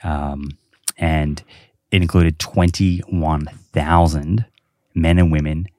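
Very deep-voiced man explaining. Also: steady tone, slow, darkish tone. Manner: explains studies at length with many fillers. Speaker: podcast host. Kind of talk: casual chat.

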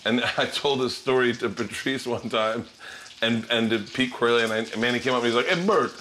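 A man's voice: medium pitch, level tone, a little fast, bright, forceful tone, slight background noise, rough recording. A man hosting while he cooks, telling stories in a loose, rambling way, laughing often. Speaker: host cooking for guests. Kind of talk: casual storytelling chat. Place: kitchen with food frying. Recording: frying and sizzling behind.

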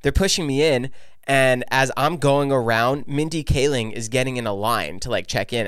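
A man co-hosting a podcast, telling a long animated story in casual chat, full of "like" asides. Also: medium pitch, moderate pace, clear, resonant tone, no echo, studio quality. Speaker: podcast co-host.

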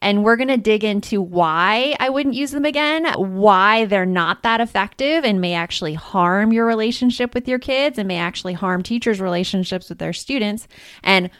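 A woman hosting a casual podcast, animated and feisty, with lots of "like" in her speech. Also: mid-range voice, normal speed, smooth, no echo, studio quality. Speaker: podcast host.

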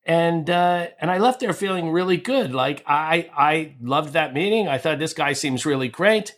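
Male guest composer, higher-pitched, chatty storyteller who restarts and fills a lot. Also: expressive, normal speed, a bit bright. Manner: rambling with many restarts and fillers. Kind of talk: animated storytelling in conversation.

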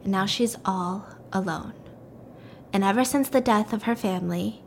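A woman casually retelling a story in an animated, conversational way, full of "like" and "you know". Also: mid-range voice, normal speed, slight background noise. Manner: animated, conversational, filler-heavy.

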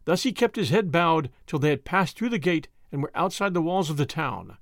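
Guy narrating an old adventure story, lively expressive reading, dry close sound. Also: on the high side, fairly quick, no room sound. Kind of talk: audiobook narration.

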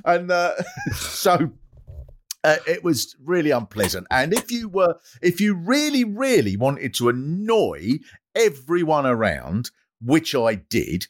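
Man, comedy podcast host, lively pitch, storytelling, impressions. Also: measured pace, slight background noise. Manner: animated, bursts into mimicry. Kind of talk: comic storytelling chat.

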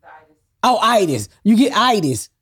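Female comic from the South, loud and profane, animated storyteller; dry close-mic sound. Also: mid-range voice, moderate pace, slightly rough, no echo. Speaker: guest comedian. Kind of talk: casual chat.

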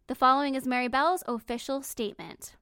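A woman hosting a podcast, telling a true-crime story in a calm, measured, matter-of-fact reading. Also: high voice, clear, resonant tone, no echo, studio quality. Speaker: podcast host.

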